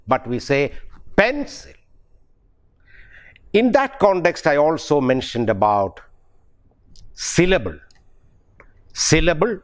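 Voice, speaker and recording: A man with an Indian English accent, a professor giving a pronunciation lecture, speaking deliberately and repeating example words to show stress. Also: fairly high pitch.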